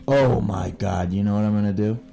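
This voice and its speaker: A man's voice: lowish voice, brisk, vocal fry, warm tone. A man playing a tabletop game, talking in a laid-back way. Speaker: player. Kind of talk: casual play at the table.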